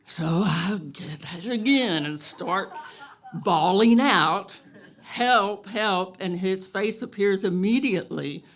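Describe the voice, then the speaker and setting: A woman telling a true story on stage to a live audience, wry and unhurried, often chuckling. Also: medium pitch, lively intonation.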